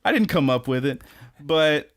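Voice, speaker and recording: A man co-hosts a podcast in easy, casual chat. He recaps scenes with animated energy, acting out the characters' lines and laughing often. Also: a little high, normal speed. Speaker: podcast co-host.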